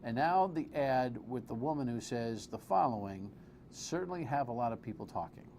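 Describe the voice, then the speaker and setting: A man hosting a live TV political talk show, animated and exclamatory, full of rambling asides. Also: medium pitch, normal speed, slight background noise.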